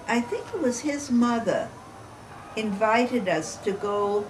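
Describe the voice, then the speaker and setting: Slow-talking older woman telling family stories. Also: on the high side. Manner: chatty storyteller, laughs between anecdotes. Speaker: interviewee. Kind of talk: oral history reminiscence. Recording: distant mic with background noise.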